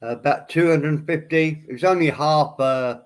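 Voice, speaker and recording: A man's voice: a little high, normal speed, clean tone. A man chatting casually on a livestream, a little drunk and rambling. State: a bit drunk. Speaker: co-host guest on stream. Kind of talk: casual chat.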